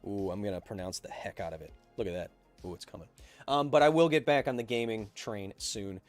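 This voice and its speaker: A man's voice: lowish voice, lively intonation, fairly quick, dry recording, soft background music. A man in his thirties hosting a casual livestream podcast, chatting loosely and jokingly reading viewer messages aloud. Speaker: podcast host reading live chat.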